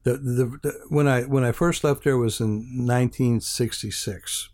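A man's voice: medium pitch, fairly even intonation, moderate pace, a little mellow. An older man from Hawaii, an interview guest telling a rambling anecdote with many restarts and fillers, acting out the other people's lines as he goes.

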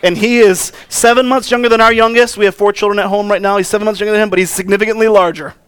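A man in his thirties delivers a sermon as the pastor. His voice sits fairly high and sounds smooth and resonant. He talks earnestly, in a conversational way, weaving in personal stories. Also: steady tone, rapid-fire, fairly bright tone.

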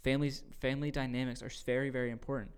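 A man hosting a casual faith discussion, explaining a scripture passage earnestly and acting out quoted voices in loud bursts. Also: mid-range voice, level tone, racing, clean tone. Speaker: podcast host teaching scripture.

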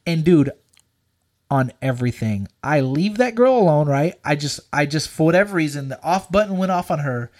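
A young man, a podcast co-host, telling a story in casual chat. He is profane and animated, and he shouts the lines he quotes. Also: a little high, moderate pace.

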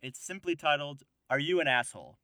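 A man with a bright, slightly high voice reads quiz questions aloud on a podcast and keeps things playful. The sound is dry and close, with no room around it. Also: lively intonation, brisk, dry recording. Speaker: podcast co-host. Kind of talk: casual chat.

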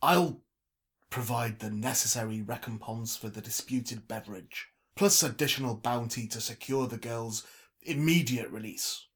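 Pompous archaic gentleman, as a man puts him on. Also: medium pitch, lively intonation, moderate pace, lightly acted. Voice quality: pompous, flowery. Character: pompous grandiloquent older man, archaic speech.

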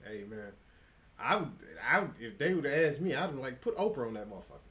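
Animated, profane joking man. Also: medium pitch, brisk. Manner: profane, joking banter with bursts of laughter. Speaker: podcast co-host. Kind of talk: casual chat.

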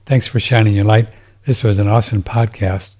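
Man, podcast host, dark mellow voice, casual rambling chat, frequent restarts, reading listener messages. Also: on the low side, fairly even intonation, fairly quick. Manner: rambling, with many restarts and fillers. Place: home, seated in a chair.

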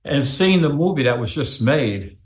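A man tells a story in a chatty, rambling way, full of fillers as he goes. His voice sits at an ordinary pitch for a man. The sound carries a roomy echo. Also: lively intonation, moderate pace. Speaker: psychic medium guest. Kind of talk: storytelling in a podcast interview.

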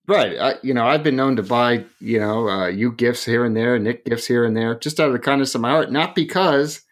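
A young man co-hosting a casual podcast, telling stories in a lively, jokey way. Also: medium pitch, a little fast. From rural area. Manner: animated, jokey, lively storytelling. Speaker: podcast co-host.

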